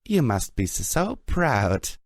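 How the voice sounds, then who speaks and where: A man's voice: mid-range voice, sing-song, slow, no room sound, studio quality, voice pushed up, full character voice. A man voicing a small, plucky young female unicorn pony in an audiobook, speaking in a strained, pleading voice. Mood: stammering. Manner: strained, pleading, half-whispered.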